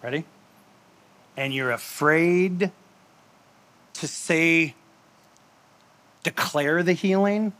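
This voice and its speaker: Casting: a chatty preacher, high voice, jokey asides. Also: male voice, a bit bright. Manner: conversational, joking, with asides and laughs. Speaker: pastor. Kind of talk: sermon.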